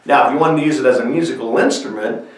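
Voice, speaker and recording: A man's voice: medium pitch, fast talker, very echoey, distant mic, low-quality recording. A man hosting a children's music show, explaining step by step how to make a kazoo, with easygoing fillers. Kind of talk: craft demonstration for kids.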